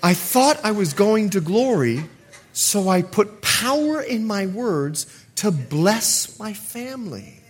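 Animated high-voiced male pastor. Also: takes it slowly, husky. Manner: animated storytelling with humor. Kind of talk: sermon. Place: church service.

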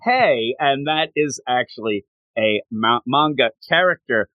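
Animated man retelling a comic. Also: medium pitch, measured pace, dry recording, narrow, tinny audio. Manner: animated storytelling, acts out characters' lines, laughs often. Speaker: comic book podcast co-host. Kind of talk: casual chat recapping a comic.

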